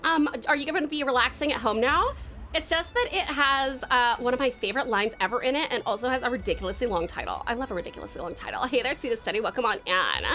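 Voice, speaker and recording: A woman's voice: a little high, lively intonation, quick pace, sharp tone, faint music behind. A young Australian woman streaming a game, chatting in a bubbly, giggly way and swearing freely. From Tasmania, Australia. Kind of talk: casual game stream chat.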